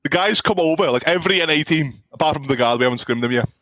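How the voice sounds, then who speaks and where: A man talks as a guest on an esports chat show, rambling and loose with plenty of slang. His voice sits a little high. The recording is dry and close. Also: quick pace, a bit bright, no echo. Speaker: pro player guest.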